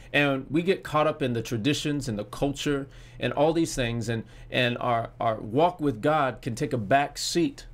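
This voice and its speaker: A man preaching a sermon as pastor, earnest and often repeating words as he goes. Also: mid-range voice. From United States. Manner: earnest, repeats words while searching for them.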